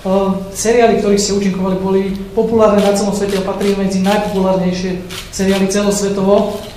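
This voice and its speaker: High-voiced fast-talking male journalist. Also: little pitch movement, dark tone. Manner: hesitant start, then a long question. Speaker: journalist asking a question. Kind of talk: press conference question. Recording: echoey hall with faint noise.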